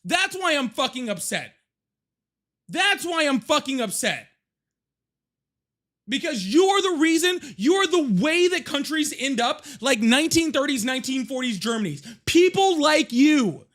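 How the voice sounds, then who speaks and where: A man hosting a live political debate, angry and profane, shouting and repeating himself insistently. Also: very high-pitched, very animated, moderate pace. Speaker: livestream debate host. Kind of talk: heated live political argument.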